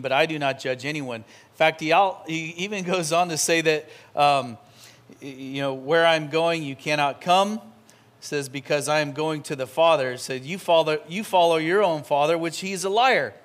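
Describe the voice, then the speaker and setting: Man, preacher, slightly high voice, lively storytelling, church sermon. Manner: animated, conversational, acts out scenes. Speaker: pastor. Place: church sanctuary.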